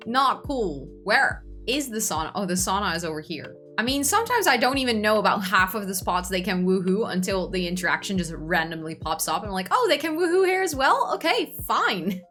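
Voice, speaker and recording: A young woman giving casual commentary on a life-simulation game, gushing and excitable as she talks to her viewers. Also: mid-range voice, fairly quick, few pauses, faint music behind. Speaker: gaming YouTuber.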